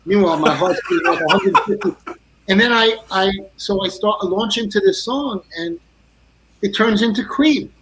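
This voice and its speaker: Older man, high-pitched animated storyteller. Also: moderate pace, low-quality recording. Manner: animated anecdotes full of quoted voices. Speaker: guest guitarist. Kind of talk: casual interview storytelling.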